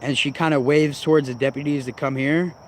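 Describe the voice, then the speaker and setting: A man's voice: fairly high pitch, steady tone, brisk, a little hiss or hum. Man ranting profanely in a rambling vlog. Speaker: vlogger.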